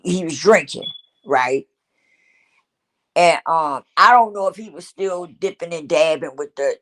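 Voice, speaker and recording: A middle-aged woman hosting her own show, telling a personal story in an emotional, repetitive way and speaking straight to her listeners. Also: on the low side. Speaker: host.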